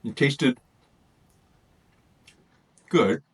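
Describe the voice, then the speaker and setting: A man's voice: mid-range voice, drawn-out words, slightly rough. A man reviewing food in a casual vlog, thinking aloud and rambling as he tastes.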